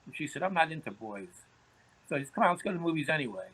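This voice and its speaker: A man's voice: fairly high pitch, big pitch swings, racing, fairly bright tone, slightly rough, rough recording. A man, a podcast guest telling anecdotes in conversation, often repeating words as he starts phrases. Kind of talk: storytelling in conversation.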